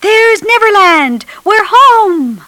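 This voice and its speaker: A woman voicing an eager, excited young boy in a storybook, calling out in a high, bright voice. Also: slow pace, no room sound, heavily acted.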